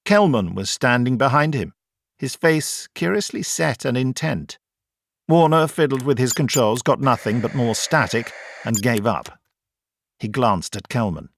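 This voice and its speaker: A man reading a science fiction audiobook in a measured, even storytelling voice. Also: mid-range voice, gravelly. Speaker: audiobook narrator. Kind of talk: scripted audiobook narration.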